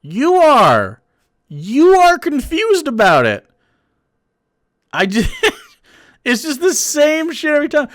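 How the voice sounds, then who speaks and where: Animated, profane man reacting on stream. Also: very high voice, takes it slowly, pauses often. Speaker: streamer reacting to a political video. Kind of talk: casual reaction commentary.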